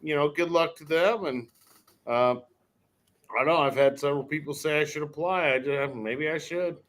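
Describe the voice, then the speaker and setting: A man co-hosting, halting and repeating words as he talks. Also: a little high, a bit bright. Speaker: co-host coach. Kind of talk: casual chat.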